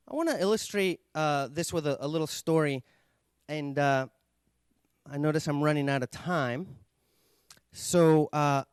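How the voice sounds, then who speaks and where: A man, a communication trainer, gives a measured, reflective talk with thoughtful pauses. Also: fairly high pitch, dry recording. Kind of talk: invited talk.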